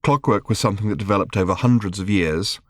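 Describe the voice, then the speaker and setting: A man's voice: on the low side, fast, no echo, clean studio sound, natural voice. A man voicing a mild, bewildered middle-aged father who explains things hesitantly and gets flustered. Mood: patient.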